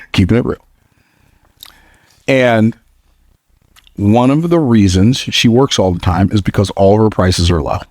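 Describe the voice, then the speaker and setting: A man's voice: slow, pauses often, no echo, clean studio sound. A man giving a motivational speech to a live audience, telling stories with energy and jokes, and repeating phrases for emphasis. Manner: storytelling, energetic, slips into a high squeaky voice for quotes; plain-spoken and joking, repeats phrases for emphasis. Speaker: motivational speaker.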